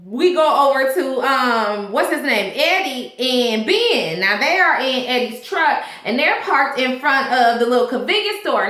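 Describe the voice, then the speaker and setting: A woman's voice: sits high, pushed and bright, echoey room. A woman giving a casual recap of a TV episode, chatty and slangy, often saying "you know what I'm saying". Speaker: TV show reviewer.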